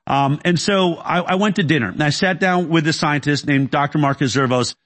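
A man speaks as a guest in a conversation, recounting events in a quick, emphatic storytelling manner. His voice sits somewhat high for a man. He slips into the dialogue he retells and often restarts his sentences. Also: a bit bright. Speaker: interview guest.

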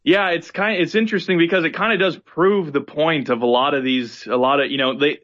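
A man with a fairly high voice talks animatedly in a casual conversation, acting out exasperated lines of dialogue. His sound is slightly dull and lo-fi. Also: brisk. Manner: animated, acts out exasperated quotes.

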